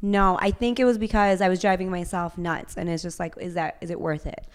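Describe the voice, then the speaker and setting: A woman's voice: on the low side, fairly even intonation, a little fast. A young woman as a podcast guest, talking bluntly and offhandedly, laughing easily. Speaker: guest, partner of host. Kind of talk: casual podcast chat.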